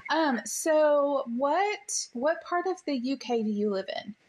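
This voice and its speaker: A woman's voice: high-pitched, very animated, normal speed, a little mellow, a little hiss or hum. An American woman hosting a podcast interview, chatting in a bubbly way and laughing often. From United States. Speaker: podcast host. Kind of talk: casual interview chat.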